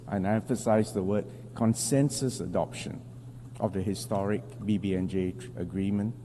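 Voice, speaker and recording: A man delivering a formal prepared speech at a podium, deliberate and emphatic with measured pauses. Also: lowish voice, warm tone. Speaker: national representative giving a UN address. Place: large assembly hall. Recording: long hall reverb with faint hum.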